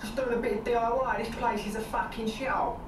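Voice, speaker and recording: A man's voice: extremely high pitch, fairly even intonation, fast talker, reverberant, distant mic, background noise, voice pushed up. A man putting on the voice of a brash, swearing young man on the phone, in crude slang, heard from a video played through room speakers.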